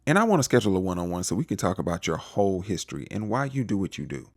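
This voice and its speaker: Man, casual show recap, low voice, very lively pitch, dry close sound, playful slang. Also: quick pace, few pauses, no echo. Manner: animated, acts out quotes with playful slang. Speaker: recap vlogger.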